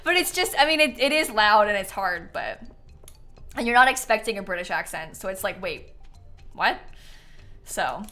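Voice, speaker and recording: A woman's voice: mid-range voice, expressive, fairly quick, sharp tone, soft background music. A woman livestreaming a game, chatting casually with her viewers and laughing often. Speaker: game streamer.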